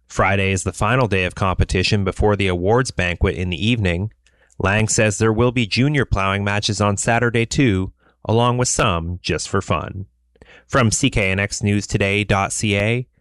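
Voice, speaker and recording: A man reading local radio news in a low, steady voice. His delivery is measured and even. The sound is dry and close, with no room around it. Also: dry recording. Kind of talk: scripted news report. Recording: dry studio voice.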